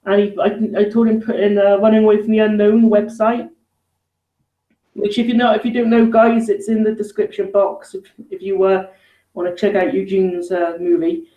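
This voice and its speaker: High-voiced hesitant man, roomy echo. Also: monotone, normal speed, mellow. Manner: hesitant, many fillers and restarts. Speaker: host. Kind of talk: casual chat.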